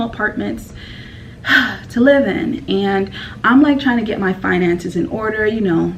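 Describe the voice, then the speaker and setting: A woman's voice: mid-range voice, recorded from a distance, highs cut off, slight background noise. A woman telling a personal story in a casual vlog, rambling and emotional with lots of fillers.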